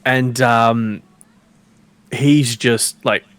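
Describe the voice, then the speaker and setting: A man's voice: medium pitch, steady tone, drawn-out words, a bit bright, clean tone. A young man, telling laughing anecdotes in casual chat. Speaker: wrestler guest.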